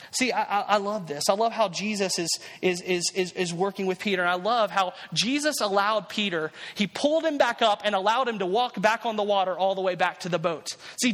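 A man's voice: sits high, fairly bright tone, long reverb tail. A man preaching a sermon as pastor, earnest and emphatic, often restarting and repeating words.

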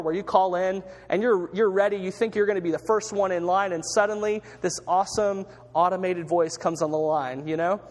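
A man's voice: sits high, in a large hall. A man preaching a sermon as pastor, in a conversational way, often restarting and repeating words.

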